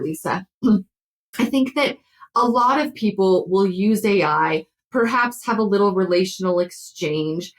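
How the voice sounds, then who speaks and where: A woman's voice: mid-range voice, poor audio. Woman counselor explaining things thoughtfully. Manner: warm, explanatory, frequent fillers. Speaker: guest counselor. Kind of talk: conversational interview.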